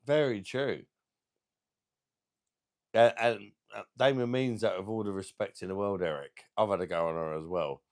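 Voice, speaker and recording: Gravelly low man rambling crudely. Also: moderate pace, long pauses. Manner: crude, rambling, hesitant with many ums. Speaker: beer reviewer on a live stream. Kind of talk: crude rambling live-stream chat.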